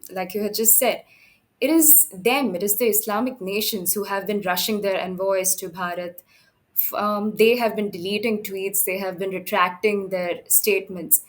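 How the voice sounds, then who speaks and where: A woman's voice: mid-range voice, poor audio. A young woman interviewing a guest, polite and a little hesitant with fillers. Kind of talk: interview questions.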